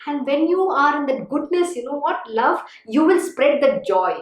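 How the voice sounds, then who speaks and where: A woman with a high voice delivers an earnest, exhorting spiritual discourse, urging her listeners on and often saying "you know". Her voice rings in an echoey room. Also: lively intonation, moderate pace. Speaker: spiritual teacher. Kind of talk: devotional discourse.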